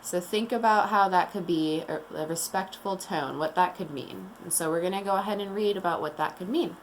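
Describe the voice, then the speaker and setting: A woman teacher leading a morning meeting lesson, explaining slowly and calmly to young children. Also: fairly low pitch, a little hiss or hum. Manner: slow, calm and deliberate, explaining to young children.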